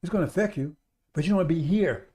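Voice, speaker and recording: A male radio preacher with a fairly high, mellow voice that never turns sharp. He drives his points home through repetition, addressing the listeners as brothers and sisters and climbing in pitch and volume when he presses a point. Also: rapid-fire. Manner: urgent, repetitive exhortation. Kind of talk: sermon on a live radio stream.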